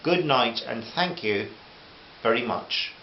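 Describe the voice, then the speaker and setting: A genial, upper-class older gentleman, full of fond terms of address, as a male reader puts him on. The voice sits in a roomy, slightly dull recording. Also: mid-range voice, expressive, slow pace, a little hiss or hum. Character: friendly posh older male aristocrat.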